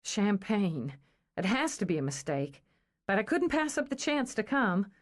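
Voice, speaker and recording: A woman reading an audiobook, voicing a nervous young woman with a breathy, hesitant, awed way of talking. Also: medium pitch, big pitch swings, measured pace.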